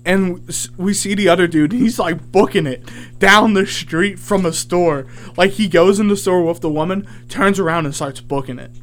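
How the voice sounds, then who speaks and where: Telling a meandering, filler-heavy story on his college radio show, this young host sounds animated and casual. His voice is high-pitched and moves at a normal speed.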